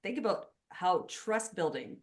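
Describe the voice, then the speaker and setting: A woman whose first language is French, hosting a podcast conversation, talking fast and emphatically. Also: lowish voice, big pitch swings. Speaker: podcast host. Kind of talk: casual conversation.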